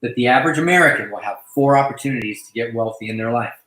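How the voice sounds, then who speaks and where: A man hosting a casual online chat who talks effusively, halting often to restart his sentences. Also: medium pitch, a bit bright, roomy sound, poor audio. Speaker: host welcoming a new agent.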